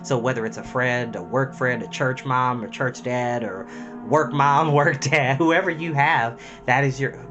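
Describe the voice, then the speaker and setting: A young man talking to camera as a storytime host, emotional and heartfelt, chatty and full of fillers. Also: mid-range voice. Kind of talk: personal talk to camera.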